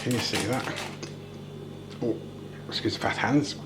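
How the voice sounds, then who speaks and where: A British man vlogs from his home kitchen, cooking and chatting casually to the camera while cracking self-deprecating jokes. His voice is medium-pitched and a little slow, and the echoey room carries heavy background noise.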